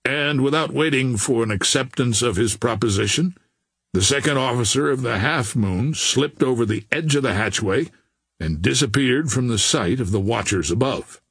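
A man reading an adventure novel aloud in a measured, unhurried storytelling manner. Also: medium pitch, a bit bright, slightly rough, no echo. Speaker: audiobook narrator.

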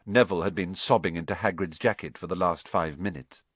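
A man narrating an audiobook with expressive storytelling. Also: deep voice, a little fast, no room sound. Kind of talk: scripted narration.

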